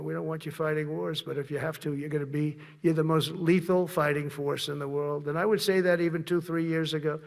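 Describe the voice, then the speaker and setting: An older man giving a rambling, boastful rally speech, repeating himself. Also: fairly high pitch. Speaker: political speaker.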